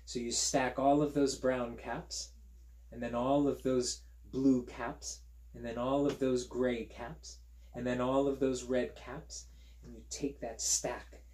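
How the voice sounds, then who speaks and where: A man's voice: mid-range voice, level tone, takes it slowly, darkish tone. Playful man reading a storybook aloud. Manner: playful, chatty, invites listeners to join in. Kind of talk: storytime read-aloud for children.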